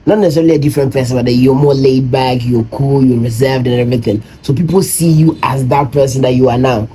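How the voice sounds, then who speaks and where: Dark-voiced man from Ghana reacting. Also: medium pitch, fast, slight background noise, low-quality recording. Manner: rambling, acts out other people's voices when quoting them. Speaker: reaction video host. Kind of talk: casual reaction commentary.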